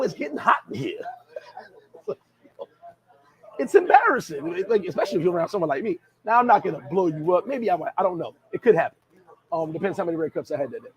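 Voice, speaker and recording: A man, chatting casually as a vlogger, reading viewer comments and telling stories in an animated, laughing, slangy way. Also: high voice, dull audio. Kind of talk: casual chat.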